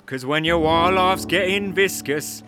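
A man's voice: a little high, unhurried, over music, lightly acted. A man playing a singing Cockney chimney sweep. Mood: chirpy. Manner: chirpy, rhyming slang, bursts into song. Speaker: comedy sketch performer.

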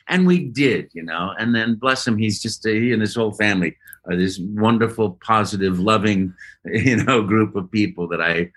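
A man, a voice actor guest on an interview show, telling stories in an animated way with playful sound effects. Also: on the low side, normal speed.

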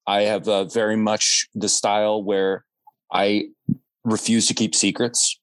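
A man's voice: on the low side, level tone, a little slow, no room sound. A man in his thirties, a guest on a casual family podcast, telling stories with lots of restarts and getting worked up. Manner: storytelling with many restarts and fillers, gets worked up. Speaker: guest, the host's brother.

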